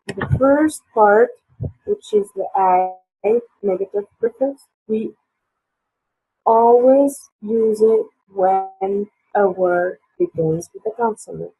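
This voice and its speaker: A woman's voice: medium pitch, husky, dry recording. A woman teaching an online English lesson, hesitant with many fillers, her voice sore. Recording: tinny phone-like line.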